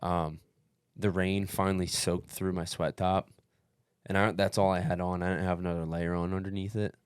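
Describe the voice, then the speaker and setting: A young man telling a long story in casual podcast chat, animated, swearing constantly and calling everyone "dude". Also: deep voice, normal speed, clear, resonant tone, dry recording, studio quality. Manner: profane, animated, says "dude" often. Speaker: podcast guest recounting an ultramarathon.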